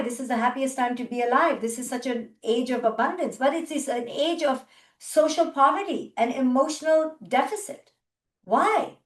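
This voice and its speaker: Middle-aged woman psychologist, high-pitched and fervent, heard from a distance in a roomy space. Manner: passionate, emphatic, repeats key words. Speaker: clinical psychologist and guest speaker. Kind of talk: motivational public talk. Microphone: video call. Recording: echoey and distant.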